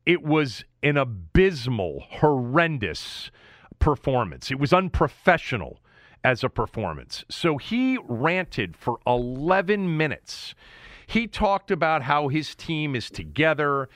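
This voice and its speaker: A man co-hosting a sports talk show, ranting and mocking in an opinionated, animated way. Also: fairly high pitch, takes it slowly, no echo, clean studio sound. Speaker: sports radio co-host.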